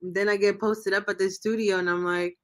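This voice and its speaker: A woman's voice: medium pitch, little pitch movement, brisk, fairly bright tone. A woman guest in a casual livestream interview, talking in an emotional, rambling way as she searches for words.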